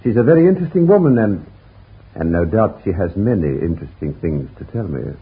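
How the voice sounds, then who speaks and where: An actor playing a shrewd, suave Parisian novelist with a polished, probing manner in a vintage radio drama. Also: male voice, lowish voice, very animated, fairly quick. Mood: polite. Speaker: visiting novelist. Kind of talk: 1940s radio acting. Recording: tinny old radio broadcast.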